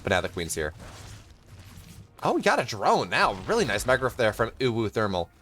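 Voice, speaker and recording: A young man casting a live game, rambling and self-interrupting, quick to laugh. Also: medium pitch, huge pitch swings, a bit bright, faint music behind. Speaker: esports caster.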